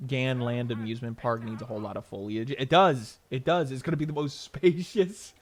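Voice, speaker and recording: A young man streaming a video game, telling stories in an animated, profane, casual way. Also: medium pitch, fairly quick. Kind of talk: casual gameplay commentary.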